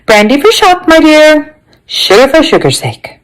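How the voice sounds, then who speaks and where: A woman's voice: high voice, big pitch swings, measured pace, pitched above the performer's own voice, rough recording. A woman voicing a stern, commanding old grandmother in a storybook reading. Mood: imperious.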